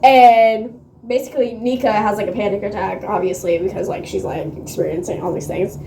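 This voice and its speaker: A woman vlogging about a book she's reading, excitable and slangy, swearing freely and laughing often, recorded on a phone. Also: medium pitch, fairly quick, vocal fry, noisy background. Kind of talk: casual reading vlog chat. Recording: echoey room on a phone mic.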